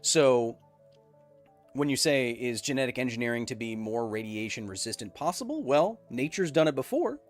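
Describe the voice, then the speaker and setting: Jokey guy streaming, pitch bouncing all over, faint music under him, lots of ums. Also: moderate pace. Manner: animated and jokey, with many ums and playful outbursts. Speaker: podcast host answering live chat. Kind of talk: casual live-stream chat.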